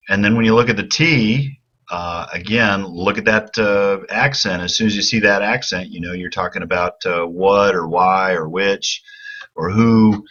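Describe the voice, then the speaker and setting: A man, a Greek professor, giving a relaxed, informal lecture, thinking aloud with frequent fillers and restarts. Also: deep voice, husky, dull audio.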